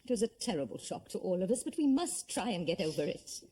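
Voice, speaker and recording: An actress playing a firm but kindly aristocratic mistress of a household. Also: female voice, mid-range voice, sing-song, fast talker, a little hiss or hum, lightly acted. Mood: consoling. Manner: authoritative, then gently reassuring. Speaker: lady of the house. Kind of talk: period television drama.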